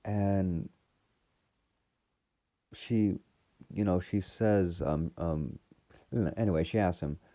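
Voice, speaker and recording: Male fan reviewer, low mellow voice, rambling casual recap with lots of fillers. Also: slow pace, long pauses, no echo. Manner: rambling, full of fillers and restarts. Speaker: fan reviewer retelling a TV episode.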